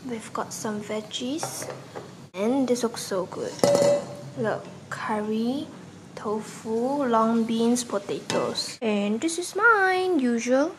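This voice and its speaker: A woman's voice: a little high, takes it slowly, background noise. Chatty young Malaysian woman vlogger. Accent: Malaysian English. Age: young adult. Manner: chatty, expressive storyteller with many "like" fillers. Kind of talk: casual vlog chat.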